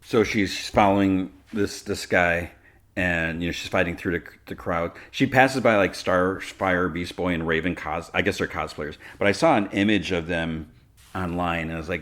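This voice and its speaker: A man's voice: low voice, moderate pace, a bit bright. A man hosting a podcast, recapping an episode in a rambling, casual way full of asides. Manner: rambling, many likes and asides. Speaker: podcast host.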